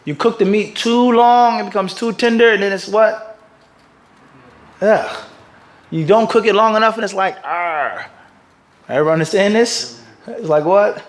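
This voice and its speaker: Teaching a hadith class, this middle-aged mufti delivers a religious lecture in a fairly high, energetic voice, dropping in Arabic words along the way. Again and again he stops on "what?" to let listeners supply the missing word, and he asks whether everybody understands this.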